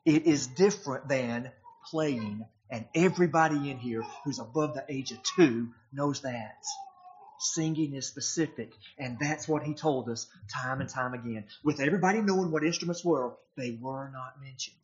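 A man's voice: mid-range voice, moderate pace, dull audio. A man preaching a sermon, emphatic and posing rhetorical questions to his congregation.

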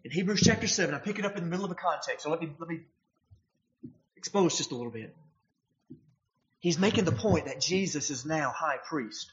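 A man's voice: fairly high pitch, brisk, long pauses, dull audio, slight background noise. A man preaching a sermon, emphatic and posing rhetorical questions to his congregation.

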